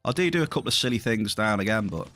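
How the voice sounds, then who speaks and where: A man's voice: lowish voice, lively intonation, rapid-fire, fairly bright tone, faint music behind. A middle-aged man chatting casually to viewers during a livestream, rambling, his voice slightly strained. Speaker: livestreaming gamer.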